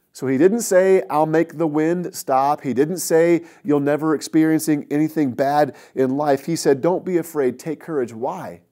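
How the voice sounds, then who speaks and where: A male pastor preaching a sermon in a conversational, earnest way, often swinging between loud emphasis and quiet, drawn-out phrases. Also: mid-range voice.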